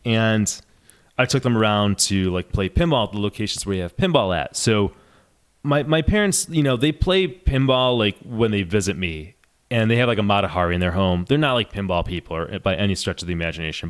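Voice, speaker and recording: A man co-hosting a casual podcast, telling animated stories and laughing as he goes. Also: fairly low pitch, brisk, smooth. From New York State. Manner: animated storyteller, laughs through his stories. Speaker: podcast co-host.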